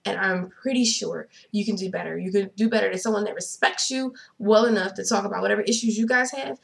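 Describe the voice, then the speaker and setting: Sassy young woman with a gravelly voice. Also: mid-range voice, fast talker. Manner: sassy, incredulous, drops to whispers. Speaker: vlogger. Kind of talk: casual chat to camera.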